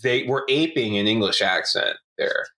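A man co-hosts a casual podcast, rambling from point to point. He jokes, swears freely and trips over restarts and fillers. His voice sits at an ordinary middle pitch. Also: expressive, moderate pace, pushed and bright. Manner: rambling, profane, many restarts and fillers, joking. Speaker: podcast co-host. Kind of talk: casual chat.

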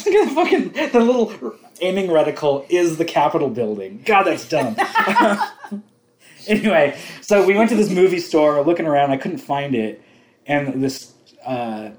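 A man co-hosting a casual movie commentary, rambling through stories, laughing often and swearing freely. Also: mid-range voice. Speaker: podcast co-host.

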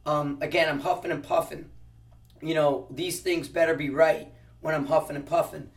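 A man's voice: a little high, steady tone, moderate pace, distant mic. A man who teaches precision rifle shooting, answering interview questions casually and explaining with practical analogies, often restarting his sentences.

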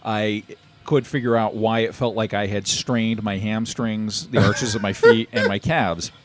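A man's voice: fairly low pitch, steady tone, a little slow. A man on a podcast panel, telling dry, self-deprecating jokes. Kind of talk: casual chat.

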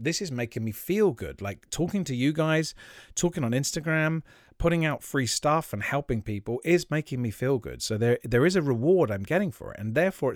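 A man's voice: medium pitch, dry recording. Guy musing on his podcast, lots of ums and restarts, dry close sound. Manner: thoughtful, halting, many fillers and restarts. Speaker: podcast host, magician. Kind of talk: reflective solo podcast talk.

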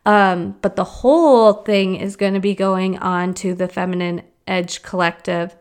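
A woman's voice: medium pitch, fairly even intonation, normal speed, a little mellow, smooth. Woman, podcast host, casual girl-chat talk, chatty, loose and rambling. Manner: rambling, chatty, with fillers and restarts. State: hiccups.

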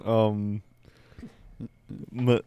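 A man's voice: lowish voice, little pitch movement, extremely slow, mellow, clean tone, no room sound, highs cut off. A man chatting in a game voice chat, teasing the others.

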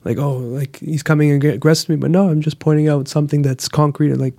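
A man who works as a massage therapist, calmly explaining his views in casual conversation. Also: a little high, fast, gravelly, dry recording, studio quality. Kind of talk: casual chat.

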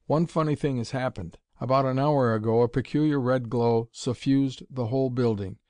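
Narrator doing a steady male intelligence chief in a storybook, even and factual, dry sound. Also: medium pitch, normal speed, no room sound, lightly acted. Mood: reporting.

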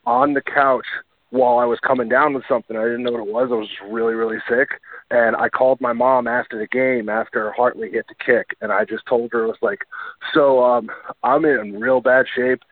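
A man's voice: mid-range voice, steady tone, fast, dry recording. A young man from the Boston area, sick with a cold, calling in to a sports radio show and telling a story in an easygoing way. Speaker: caller. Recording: tinny phone line.

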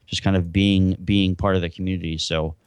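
Deep-voiced laid-back man, dry sound. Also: flat delivery, a little fast, darkish tone, clean tone, no echo. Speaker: podcast co-host and event organizer. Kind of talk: casual gaming podcast chat.

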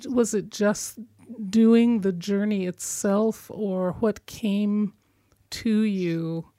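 Slow-speaking woman interviewer, dry sound. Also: mid-range voice, fairly even intonation, mellow, no echo. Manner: measured, encouraging, frequent affirmations. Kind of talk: casual interview conversation.

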